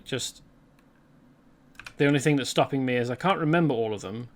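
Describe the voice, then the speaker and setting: A man's voice: medium pitch, a little fast. A man hosting a let's play, rambling chattily through gameplay commentary and correcting himself as he goes.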